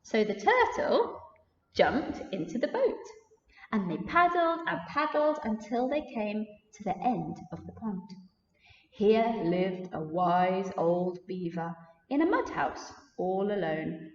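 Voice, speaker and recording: A woman teacher reading a children's story aloud with a lively, sing-song lilt. She is recorded from a distance in a large, echoey room with a long reverb. The sound is dull. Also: medium pitch, slow.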